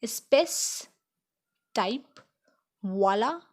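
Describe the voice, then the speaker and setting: Slow-speaking woman teaching beginner French. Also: on the high side, animated. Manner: slow and careful, checks in with "okay?". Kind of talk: slow beginner language lesson.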